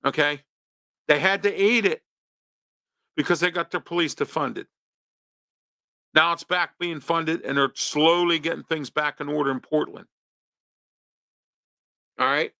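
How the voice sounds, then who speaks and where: A man's voice: on the high side, fairly even intonation, measured pace, gravelly, long pauses, sharp tone, no room sound. A man from hosting a local talk show, ranting his opinions with pointed rhetorical questions. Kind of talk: opinionated monologue.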